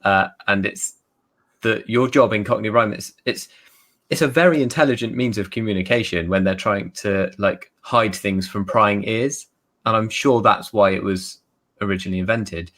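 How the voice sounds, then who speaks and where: British man, lowish voice, casual video call chat, explains with examples. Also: moderate pace, a bit bright. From United Kingdom. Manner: chatty, explains with examples and laughs. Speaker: guest author.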